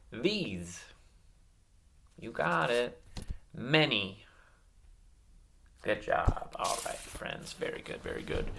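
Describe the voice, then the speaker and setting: A man teaching a phonics lesson to young children, saying words slowly and praising each answer. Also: fairly low pitch, vocal fry. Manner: slow, drawn-out words with bright praise.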